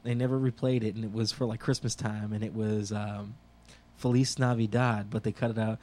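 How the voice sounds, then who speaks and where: A man co-hosting a casual podcast chat, laughing a lot and retelling scenes with animated put-on voices. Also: fairly low pitch, fairly quick. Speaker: podcast co-host.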